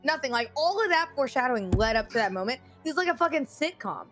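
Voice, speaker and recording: A woman in casual stream chat, telling a story in an animated way and laughing often. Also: sits high, quick pace, soft background music. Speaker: streamer guest.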